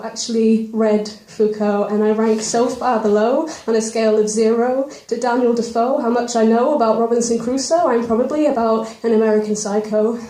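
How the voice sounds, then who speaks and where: A young woman performs spoken word poetry at an open mic, her voice a touch high yet mellow in tone. She rolls through rhymes quickly, then breaks off into nervous, self-deprecating asides. The room around her rings with a roomy live echo. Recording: roomy live venue recording.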